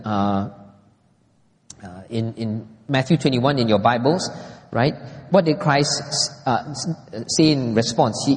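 A man's voice: darkish tone, long reverb tail, rough recording. A man preaching a Bible lesson in a conversational way, often asking "right?" and lifting his voice when he quotes scripture. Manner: conversational, frequent "right?" tag questions; raises pitch when quoting scripture. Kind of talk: Bible teaching.

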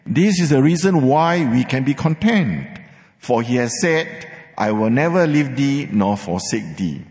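A man's voice: medium pitch, expressive, unhurried, a little mellow. A man preaching a sermon, emphatic, repeating words for stress, with some fillers. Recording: long hall reverb.

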